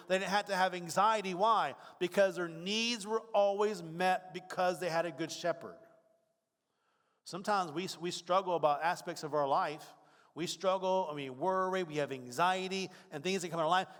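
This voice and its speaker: A man's voice: high voice, a bit bright, in a large hall. A man preaching a conversational sermon, now and then acting out worried, whiny voices.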